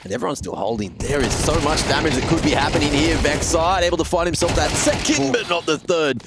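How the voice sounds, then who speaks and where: A man gives calm, measured color commentary on a live esports match, breaking down positions and timing. Game gunfire and clicks sound clearly behind him. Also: on the high side, very noisy. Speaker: esports analyst.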